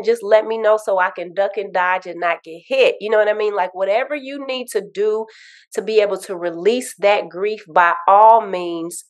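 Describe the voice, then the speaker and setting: A woman grief coach talking in an interview, earnest and animated, telling stories and repeating affirmations. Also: mid-range voice. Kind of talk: interview conversation.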